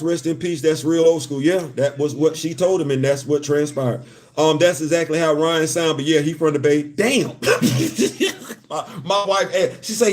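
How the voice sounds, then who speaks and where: A man in his fifties hosting a casual live stream, laughing often, restarting sentences and turning heartfelt. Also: on the high side. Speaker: livestream host.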